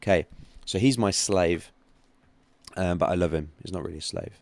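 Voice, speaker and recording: Low-voiced man, rambling stream host. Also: normal speed, a little mellow, no echo. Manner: rambling, chatty, many restarts and fillers. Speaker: livestream host, trading analyst. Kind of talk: casual livestream chat.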